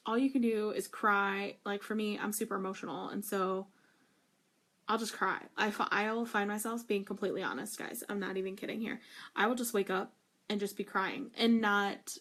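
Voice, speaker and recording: A young woman talking in a casual devotional vlog, gushing and emphatic, with many fillers and restarts. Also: mid-range voice. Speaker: faith vlogger.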